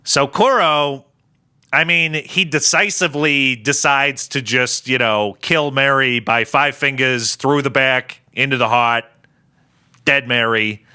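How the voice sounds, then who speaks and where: A man's voice: mid-range voice, takes it slowly, clear, resonant tone. A man co-hosting a podcast, chatting casually and animatedly, mocking scenes by acting them out. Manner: animated, acts out characters mockingly. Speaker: podcast co-host. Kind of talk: casual chat.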